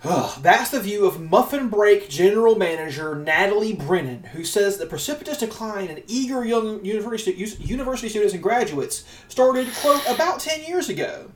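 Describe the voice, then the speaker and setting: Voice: mid-range voice, expressive, fairly quick, hardly any pauses, slight background noise. A young podcast host chatting casually, laughing often and swearing now and then, and reading an article aloud. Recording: echoey room, voice off-mic.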